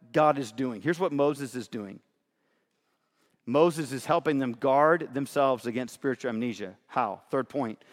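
Earnest pastor with hall reverb. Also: male voice, medium pitch. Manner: earnest, emphatic, often checks in with "right?". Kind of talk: sermon.

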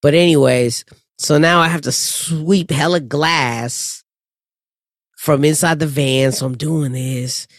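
A man's voice: on the high side, fairly even intonation, takes it slowly, no room sound. A man with a slightly raised voice tells a story in a blunt, exasperated way, cursing freely in a casual chat. The recording is dry and close.

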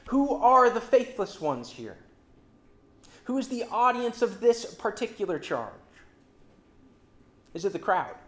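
A preacher giving a sermon in an expressive, emphatic manner, with dramatic swings between loud and soft delivery. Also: mid-range voice. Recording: roomy echo.

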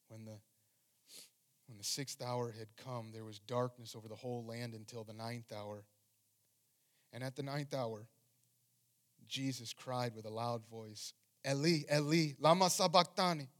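A man preaching a sermon as pastor, reading scripture and speaking with fervent emphasis. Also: medium pitch.

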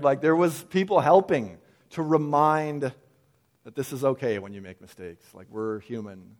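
Speaking at a normal speed in a mid-range voice, this male pastor preaches an informal sermon. His delivery is conversational, full of lively quoted voices and repeated restarts.

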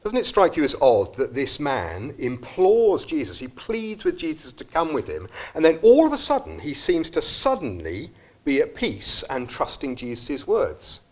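A man's voice: a little high, huge pitch swings, moderate pace. Guy preaching a sermon in church, earnest, thinks aloud, voice swings up and down a lot. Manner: earnest, reflective, with some restarts. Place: church service.

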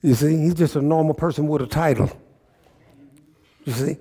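A man's voice: fairly high pitch, moderate pace, long pauses, warm tone, breathy edge. A pastor preaching a sermon, emphatic, repeating phrases and checking in with his listeners.

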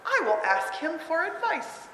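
Woman voicing a small earnest dinosaur boy, plain deliberate read, roomy reverb. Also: very high voice, slight background noise, voice pushed up, heavily acted. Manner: slow, flat, deliberate reading of period-ended lines. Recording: roomy hall with long echo.

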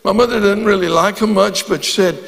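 Older guy preaching, fairly high voice, storytelling then fervent prayer, big echoey church hall. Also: a little fast, vocal fry, fairly bright tone. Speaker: guest preacher. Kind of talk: sermon. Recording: long reverb of a large hall.

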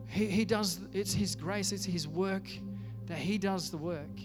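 A man's voice: fairly high pitch, moderate pace, long reverb tail, music in the background. A man preaching a sermon in a conversational way, acting out little dialogues. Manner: conversational, acts out quoted dialogue. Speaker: pastor.

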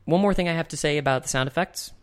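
A man's voice: a little high, racing, a bit bright. Young man, podcast host, casual rambling chat, frequent chuckles, desk mic. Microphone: desk microphone.

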